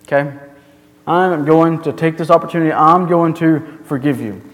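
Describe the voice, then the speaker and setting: A man's voice: fairly high pitch, moderate pace. A male pastor delivering a sermon in a church, earnest and full of rhetorical questions. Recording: long hall reverb.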